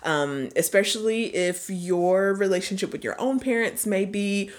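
A woman's voice: medium pitch, measured pace. A woman co-hosting a podcast in casual, rambling chat, a little congested. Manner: rambling, chatty, often trails off. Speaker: podcast co-host.

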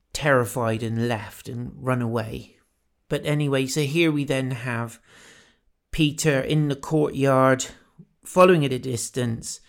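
A man with a gravelly, fry-laced voice of ordinary pitch gives a devotional Bible teaching. He speaks reflectively and slips into quoted voices as he retells the scene. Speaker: preacher.

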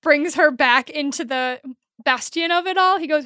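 A woman's voice: high-pitched, lively intonation, moderate pace, bright, forceful tone, dry recording, clean studio sound. A woman from the Midwest co-hosting a podcast, chatting casually about a movie with plenty of likes and ums and acted-out quotes. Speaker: podcast co-host.

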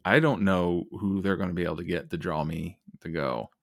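A man with a low voice trades stories on a podcast in an easy, wry tone. His humor is dry and offhand. The recording is close and dry. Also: fairly quick, no room sound. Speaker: podcast co-host. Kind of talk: casual chat.

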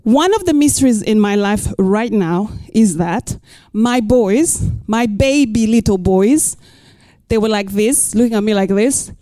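A middle-aged woman who pastors a church reads scripture and preaches with expression, asking rhetorical questions and adding playful asides. Her voice is mid-range and unhurried, recorded without echo.

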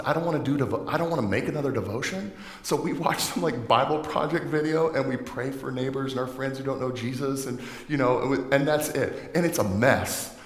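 A male pastor giving a sermon in a conversational, joking manner. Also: mid-range voice. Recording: echoey hall with long reverb.

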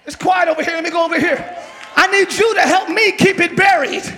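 A male pastor preaching a sermon in a large church hall, shouting and calling on the congregation to respond. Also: very high voice, steady tone, fairly quick. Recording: live church hall with long reverb, crowd noise.

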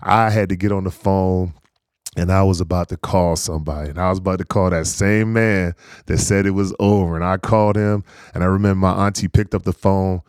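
A man in his forties from North Carolina, a former pro football player, telling stories in an easygoing, animated way in an interview. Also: sits low, brisk, clean tone, no echo, clean studio sound. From North Carolina, USA. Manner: easygoing, animated anecdotes with frequent laughs. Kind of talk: casual storytelling interview.

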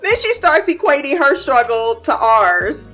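A woman's voice: sits high, big pitch swings, measured pace, bright, forceful tone, faint music behind. Blunt, profane young woman recapping a show. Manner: blunt, profane, laughs often. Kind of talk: casual recap commentary.

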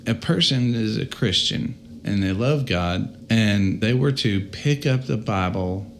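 A man co-hosting a casual podcast, telling stories in an earnest, unhurried way. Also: lowish voice, lively intonation, a little hiss or hum. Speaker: podcast co-host.

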